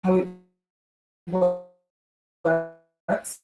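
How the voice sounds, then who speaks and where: A woman's voice: lowish voice, completely flat delivery, very slow, a little mellow, muffled recording. Chatty woman speaking in an echoey room. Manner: chatty, with many fillers and restarts. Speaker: guest speaker. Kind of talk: casual public talk. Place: large event room. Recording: echoey room with faint background noise.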